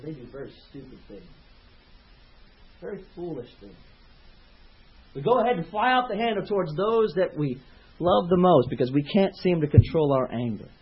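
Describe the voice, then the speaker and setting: A male pastor preaching a sermon with passion, often repeating words and rising in volume as he builds his points. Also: sits high. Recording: roomy, slightly dull sound.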